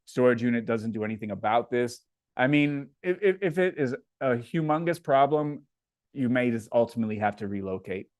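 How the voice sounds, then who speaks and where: A man's voice: medium pitch, expressive, brisk, a little mellow, no room sound. A man from Indiana, hosting a casual live Q&A and reading viewer comments aloud before answering them. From Indiana, USA. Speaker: livestream host.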